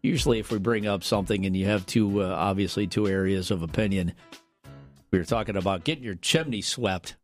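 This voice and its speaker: A man co-hosting a morning radio show, chatting casually and telling jokey, animated stories. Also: low-pitched, a little fast, soft background music.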